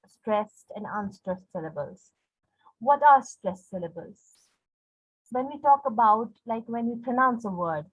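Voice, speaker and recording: Husky woman teaching with exaggerated stress. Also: a little high. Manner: explains step by step, repeating example words with exaggerated stress. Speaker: poetry teacher. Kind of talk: explanatory lesson. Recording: dull lo-fi recording.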